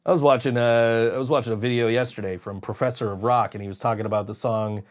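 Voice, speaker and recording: A man hosting a casual podcast, spinning loose stories with plenty of swearing. His voice sits at an ordinary middle pitch. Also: steady tone, quick pace. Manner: rambling storyteller, frequent swearing and laughs. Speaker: podcast host. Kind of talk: casual chat.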